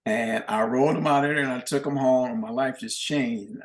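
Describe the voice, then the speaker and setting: An older man, a guest musician, telling animated, plain-spoken anecdotes in a relaxed chat. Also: mid-range voice, normal speed, echoey room. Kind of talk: casual storytelling.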